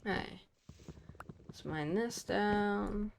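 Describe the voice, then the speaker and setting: A woman's voice: medium pitch, extremely slow, vocal fry, background noise. Wry woman muttering through gameplay. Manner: chatty, wry self-talk, mock-indignant. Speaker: streamer. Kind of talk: casual gameplay commentary to herself.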